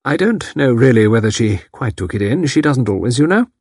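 A man voicing a calm, competent middle-aged woman who talks cheerfully and comfortably. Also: medium pitch, a little fast, husky, dry recording, clean studio sound. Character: calm competent matron of about fifty.

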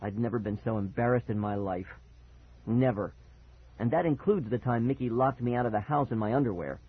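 Husky man narrating a spooky tale. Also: medium pitch, brisk, dry recording. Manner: expressive, dramatic storytelling. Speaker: audiobook narrator. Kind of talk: first-person story narration. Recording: dry, tinny phone-like sound.

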